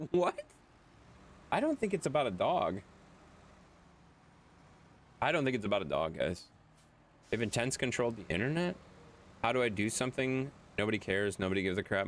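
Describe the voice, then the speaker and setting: Over slight background noise, a streamer with a medium-pitched voice keeps up casual, jokey banter with his audience, cursing without restraint.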